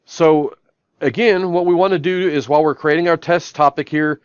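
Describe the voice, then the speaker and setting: A man's voice: on the high side, steady tone, moderate pace, smooth, no echo, dull audio. Man walking through a demo, step by step. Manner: step-by-step, repeats "I'm gonna" before each action. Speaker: software trainer. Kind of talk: live-stream product demo. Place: office.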